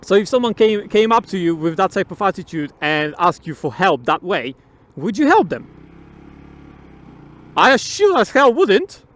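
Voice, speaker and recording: A motovlogger with a fairly high voice talks to the camera while on his motorbike outdoors. Animated and at a moderate pace, he rambles loosely through his opinions, swearing freely and laughing often.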